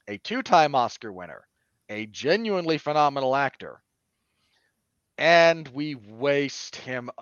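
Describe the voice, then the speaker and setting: A man with a fairly high voice chats through a film review, and his talk is animated and opinionated. The audio is dry and close, with a dull lo-fi edge. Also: no echo. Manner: animated and opinionated, with sudden emphatic jumps. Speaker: podcast co-host. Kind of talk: casual film review chat.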